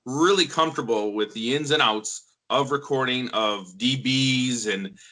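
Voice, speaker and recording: Male interviewer, crisp bright tone, measured, searches for words. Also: mid-range voice. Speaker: interviewer, course creator.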